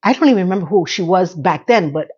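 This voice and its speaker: A woman's voice: lowish voice, lively intonation, fast talker, darkish tone, slightly rough, muffled recording. Chatty middle-aged woman recapping TV. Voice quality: candid, chatty, blunt. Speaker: TV recap host. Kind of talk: casual TV recap commentary.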